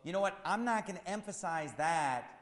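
A male pastor preaching an impassioned sermon, swinging between loud shouts and quiet, low asides. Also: lively intonation, moderate pace. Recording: long hall reverb.

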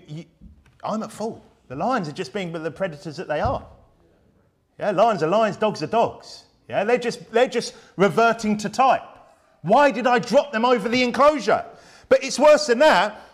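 Male preacher, high voice, fiery and emphatic in the pulpit. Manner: emphatic, fiery, full of rhetorical questions. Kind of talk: sermon.

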